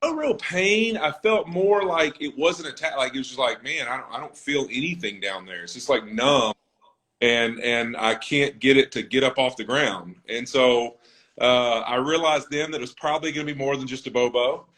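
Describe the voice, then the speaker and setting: A man in his thirties, an NFL offensive lineman appearing as a guest, speaks earnestly and reflectively about his own story in a conversational interview. His voice is medium-pitched and a bit bright, at a normal speed.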